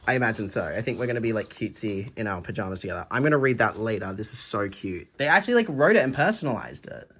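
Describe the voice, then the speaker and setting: A man's voice: fairly low pitch, very animated, quick pace, few pauses, a bit bright, breathy edge. A young man in a casual video diary, gushing over a gift and swearing freely, stumbling as he reads a letter aloud at home. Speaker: vlogger.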